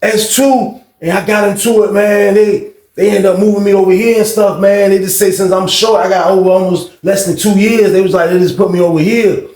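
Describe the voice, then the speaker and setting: A man putting on a loud street-talking inmate. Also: high voice, fairly even intonation, fairly quick, hardly any pauses, roomy sound, recorded from a distance, pitched above the performer's own voice, lightly acted. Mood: excited. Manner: slangy, repeats "bro" and "man". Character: fellow male inmate, boastful, street-talking.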